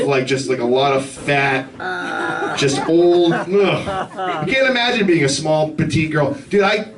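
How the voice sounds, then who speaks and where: A man hosting a comedy show and doing crowd work, loose and casual with lots of swearing. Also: a little high. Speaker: host comedian. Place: comedy club stage. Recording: distant mic with very loud crowd.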